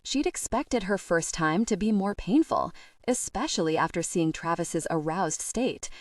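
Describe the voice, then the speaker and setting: Expressive woman narrating a romance. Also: lowish voice, a little slow, dry recording. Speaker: audiobook narrator.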